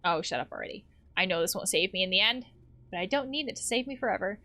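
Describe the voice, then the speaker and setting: A woman's voice: mid-range voice, animated, fast talker, pushed and bright. A woman playing a game, reading the characters' lines aloud and adding her own comments. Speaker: let's play host.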